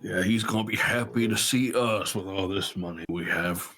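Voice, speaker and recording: A man's voice: deep voice, moderate pace, soft background music. A man playing in a tabletop game, joking and chatting casually. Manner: lively, joking. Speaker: player.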